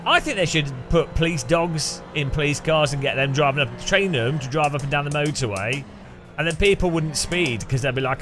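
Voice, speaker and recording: Music runs behind this English streamer as he plays a racing game and keeps up a casual, sarcastic chat. His voice sits on the high side with lively intonation and a normal pace, and he laughs frequently.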